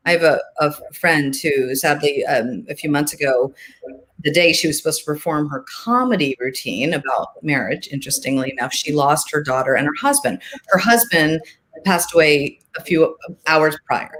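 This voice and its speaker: A woman guest in a conversational interview, telling stories in an animated way. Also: sits low, normal speed. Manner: animated storyteller. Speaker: guest, humor and grief coach.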